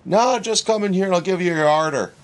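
Man putting on a half-deaf Newfoundland cook, blunt, raised pitch, gravelly. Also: very animated, a little slow, exaggerated voice. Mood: snappish. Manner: blunt, snappish.

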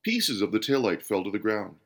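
Lively male storyteller. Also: on the low side, brisk. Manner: expressive, lively reading. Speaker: host and storyteller. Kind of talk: scripted storytelling.

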